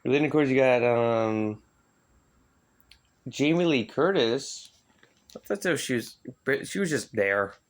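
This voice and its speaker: A man casually reviewing movies in a video, rambling with lots of fillers, swearing freely and jumping up in pitch when he gets worked up. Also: measured pace, pauses often. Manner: animated, sudden jumps in pitch.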